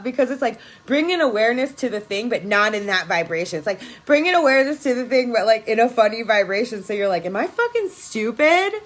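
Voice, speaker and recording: Lady preaching on a phone live stream, swears a lot, kinda high voice. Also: low-quality recording. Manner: emphatic, profane, preachy. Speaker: energy worker and spiritual coach. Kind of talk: casual live-stream spiritual pep talk. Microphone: phone on a live video.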